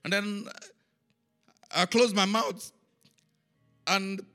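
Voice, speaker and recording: High, bright-voiced animated preacher man. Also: extremely slow, faint music behind. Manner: animated storytelling, repeats phrases, chants syllables. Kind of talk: sermon.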